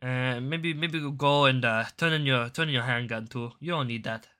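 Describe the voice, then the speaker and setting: A man's voice: mid-range voice, normal speed, pushed and bright, clean tone, close to an everyday voice. A man voicing a mocking, overly apologetic banker with a put-on Canadian accent and broken mock-polite speech.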